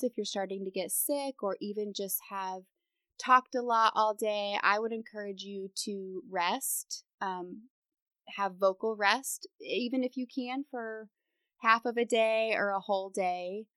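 A young woman speaking as a guest in a podcast interview, casual and giving advice, often laughing and dropping into vocal fry at the ends of sentences. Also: medium pitch, unhurried, a bit bright, dry recording. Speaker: guest voice expert.

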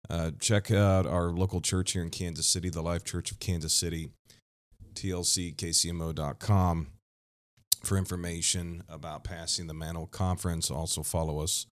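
Deep-voiced man rambling on a podcast. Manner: candid, rambling, with frequent restarts and fillers. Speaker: pastor and podcast host. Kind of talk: unscripted podcast monologue. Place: Kansas City, USA.

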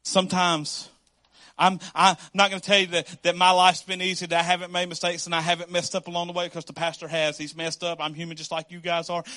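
A man preaching a sermon as pastor, emphatic and animated, acting out the voices he quotes and swinging from loud to hushed. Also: a little high, no echo.

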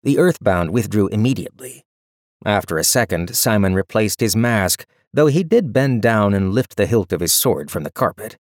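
Man, storybook narration, lowish voice, dry close sound. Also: expressive, normal speed, no room sound. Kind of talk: scripted narration.

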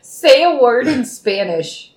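A woman co-host fires quick questions at her partner on a home podcast. Her delivery is dry and teasing, broken up by frequent laughs. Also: a little high, sing-song, a little mellow. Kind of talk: casual chat.

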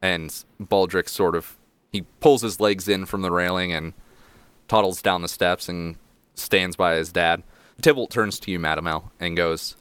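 A male game master with a low, smooth voice narrates a tabletop game. His descriptions are relaxed, and the sound is dry and close. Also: moderate pace, dry recording.

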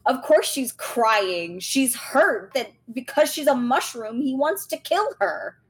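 A woman taking part in a tabletop game as a player. She talks fast and casually, breaking off to correct herself and laughing easily. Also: high voice, lively intonation, slightly rough.

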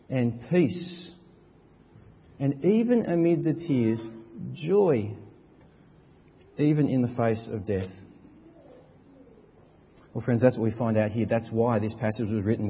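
Husky preacher in a reverberant hall. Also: male voice, mid-range voice. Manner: earnest, emphatic, swings between soft and loud; repeats words when stressing a point. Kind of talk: sermon. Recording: dull recording with long hall reverb.

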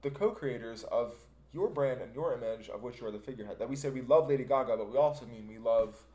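A man's voice: mid-range voice, quick pace, dark tone, reverberant. A man co-hosting a podcast in casual chat, rambling with many fillers and restarts. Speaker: podcast co-host.

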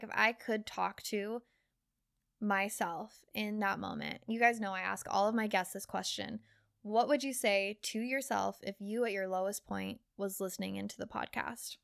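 A young woman hosting a solo podcast, her voice carrying a light gravelly fry. She talks in a chatty, earnest way, full of "like" and the occasional swear. The sound is close and dry. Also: mid-range voice, fairly bright tone, dry recording. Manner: chatty, earnest, filler-heavy with frequent "like" and swearing. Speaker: podcast host. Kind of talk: casual solo podcast talk.

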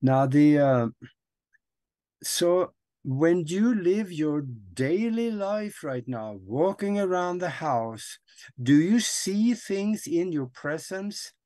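A man's voice: high-pitched, lively intonation, takes it slowly, mellow, no room sound, studio quality. A man hosting an interview show, speaking straight to the audience as he sets up a guest segment. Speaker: host.

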